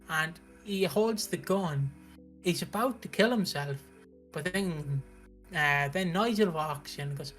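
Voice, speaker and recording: Animated British man recapping a soap. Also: a little high, slow pace, faint music behind. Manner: animated storytelling, acts out characters' lines, frequent restarts. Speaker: soap opera recap streamer. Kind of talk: casual spoken recap.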